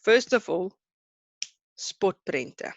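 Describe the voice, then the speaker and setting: A woman with a South African accent teaching an online class, chatty and brisk, hurrying her students along. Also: medium pitch, lively intonation, creaky, no room sound, highs cut off. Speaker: Afrikaans teacher.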